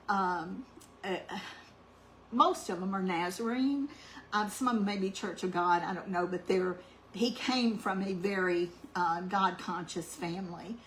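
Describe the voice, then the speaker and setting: A middle-aged woman telling a heartfelt personal story in a soft, meandering way, full of ums, growing louder when she gets excited. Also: medium pitch, slight background noise, rough recording. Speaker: cooking channel host.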